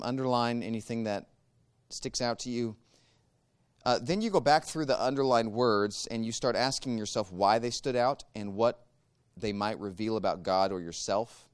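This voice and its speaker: Calm, smooth-voiced man teaching prayer. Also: mid-range voice. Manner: calm, measured, gives step-by-step instructions. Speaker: church teacher leading a meditation class. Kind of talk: teaching a guided prayer practice.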